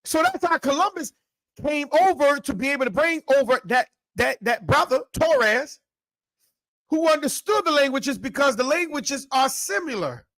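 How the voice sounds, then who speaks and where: A man's voice: very high-pitched, expressive, normal speed, fairly bright tone, dry recording, studio quality. A man co-hosting a discussion, emphatic and teacherly, pressing his points and urging the listeners on. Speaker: co-host. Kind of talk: preaching-style discussion.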